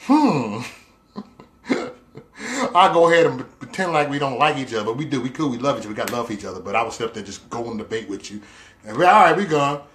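A man's voice: medium pitch, expressive, quick pace, a bit bright, slight background noise. A man hosting a casual livestream, chatting with viewers in a playful, teasing way, laughing often and using loose slang fillers. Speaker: livestream host. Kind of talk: casual livestream chat reading viewer comments.

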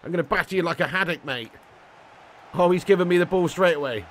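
A young man talks fast and excitably on his live stream while playing a football game. His voice sits fairly high for a man, and he jumps between cheeky banter, trash talk and loud thanks to viewers. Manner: excitable and cheeky, swears, calls viewers legend and mate.

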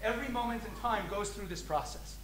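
Against a faint hiss or hum, a man with a high-sitting voice gives an explanatory talk to an audience in the role of a rabbi. His delivery goes from emphatic to gentle, and he draws out key phrases slowly.

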